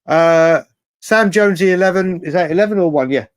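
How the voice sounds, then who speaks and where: Guy hosting a live fan chat, bit high voice, dry close mic, keeps repeating himself. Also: moderate pace, dry recording. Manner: animated, swears, repeats himself often. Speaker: host of a live fan show. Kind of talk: live-stream chat reading viewer comments.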